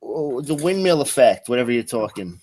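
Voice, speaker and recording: A man's voice: medium pitch, very animated, brisk, a little mellow, no room sound. A man co-hosting a casual podcast, blunt and dismissive in his remarks.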